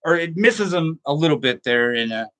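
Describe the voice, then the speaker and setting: A man's voice: a little high, lively intonation, normal speed, fairly bright tone. A middle-aged man hosting a horror show, telling a rambling story and reading viewer comments in a casual, self-amused way, laughing often.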